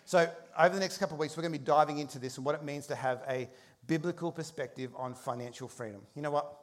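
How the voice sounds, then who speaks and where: High-voiced pastor telling a story. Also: male voice, fast talker. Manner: animated storyteller, shifting pace and loudness. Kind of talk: sermon with a humorous story.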